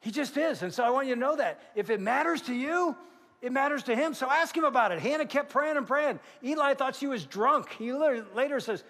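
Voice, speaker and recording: A man's voice: very high voice, fairly quick. A middle-aged male pastor preaching a sermon in a large church, telling stories and acting out what people said. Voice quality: animated storyteller, acts out quotes. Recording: long church hall reverb.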